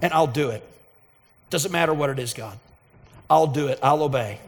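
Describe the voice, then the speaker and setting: A pastor from Texas, USA preaches a sermon, telling a personal story with earnest, emphatic and fervent intensity. His voice is fairly high with vocal fry, his speed normal, and the recording has a reverberant hall sound.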